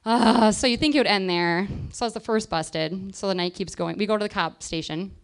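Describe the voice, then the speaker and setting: A young woman telling a personal story on stage in a chatty, laughing, animated way. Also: medium pitch, a little fast, clean tone.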